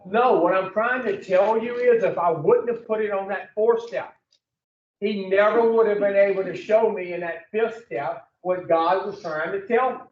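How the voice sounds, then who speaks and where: A man's voice: high-pitched, normal speed, roomy sound, recorded from a distance, dull audio. A man giving a blunt, profane recovery talk to a group, telling his story and putting questions to the room. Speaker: recovery speaker.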